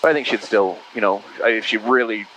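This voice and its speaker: A middle-aged man from Utah, appearing as a podcast guest, rambles casually through personal stories, leaning heavily on "dude" and "you know." His voice is on the low side, a bit bright, and fast, captured in a rough recording with slight hiss or hum.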